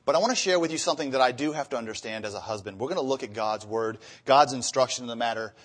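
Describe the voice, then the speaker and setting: A man preaching on marriage to his congregation, his voice at an ordinary middle pitch. He tells humorous stories about married life, then reads scripture with rising emphasis. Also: fast, fairly bright tone. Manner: storytelling with acted-out marital dialogue. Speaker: pastor. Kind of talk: sermon.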